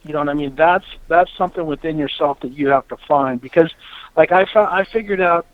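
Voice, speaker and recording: A man hosting a casual chat, telling animated stories and swearing freely. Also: fairly high pitch, fairly quick, no room sound, phone-quality sound. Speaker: podcast host, former racer.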